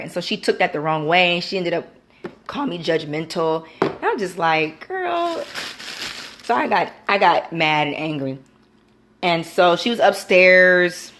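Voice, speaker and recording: A young woman telling a personal faith story in casual talk, full of "you know" and acted-out quotes. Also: fairly bright tone. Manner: conversational, many fillers like "you know"; acts out quoted lines with big pitch jumps. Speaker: Christian vlogger. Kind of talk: casual testimony.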